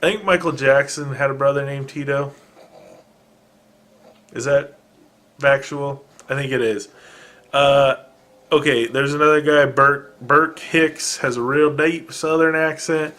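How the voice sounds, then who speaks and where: A man's voice: mid-range voice, steady tone, unhurried, long pauses, a bit bright. A man hosting a casual solo podcast from home, rambling in a wry, self-deprecating way with many fillers and restarts. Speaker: podcast host. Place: home room with dogs present.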